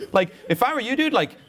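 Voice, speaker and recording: A man's voice: very high voice, fairly bright tone. A man coaching someone through a speech, blunt, pushy and full of swearing. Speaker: speaking coach. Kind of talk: live coaching session.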